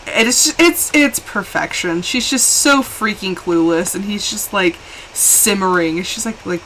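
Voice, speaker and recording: A woman chatting casually while live-streaming a game, rambling and quick to laugh, switching between hushed asides and excited bursts. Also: mid-range voice, slight background noise, rough recording.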